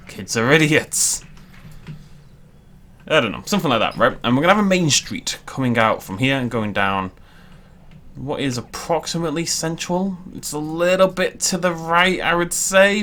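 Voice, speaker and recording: A man's voice: mid-range voice, fairly bright tone, a little hiss or hum. Chatty man narrating gameplay. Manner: chatty, self-deprecating, jokey asides. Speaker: gaming YouTuber. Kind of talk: casual let's-play commentary.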